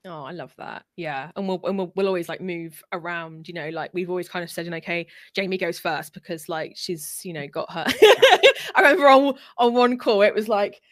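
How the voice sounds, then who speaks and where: A woman's voice: fairly low pitch, lively intonation, normal speed, fairly bright tone, dry recording. Bubbly British woman hosting a video call. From England. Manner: bubbly, laughs often, rambling with fillers. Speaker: host and coach. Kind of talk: casual video call chat.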